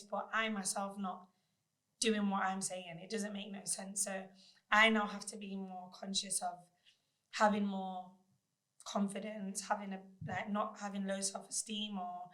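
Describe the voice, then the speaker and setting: Young woman, podcast guest, candid reflective chat, even monotone delivery, mid-pitched. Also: a little slow. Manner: candid, reflective, flat-toned.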